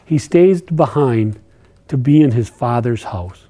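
A man's voice: mid-range voice, expressive, takes it slowly, warm tone. A middle-aged man preaching a sermon in a conversational way, asking his listeners questions as he talks them through scripture. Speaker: pastor.

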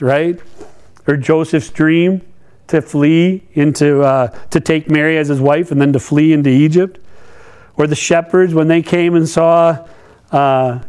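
A man's voice: fairly high pitch, darkish tone, smooth. A middle-aged man preaching a sermon in a conversational way, asking his listeners questions as he talks them through scripture. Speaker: pastor.

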